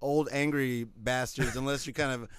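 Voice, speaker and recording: A man in casual chat with a friend, retelling movie scenes in an animated way and acting out the lines. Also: mid-range voice, moderate pace.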